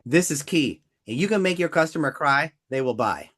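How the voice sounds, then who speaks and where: A male business trainer talks to his live-stream audience with theatrical energy. His slightly high voice leaps up and down expressively, and he keeps acting out little dramatic quotes. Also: animated, normal speed, fairly bright tone.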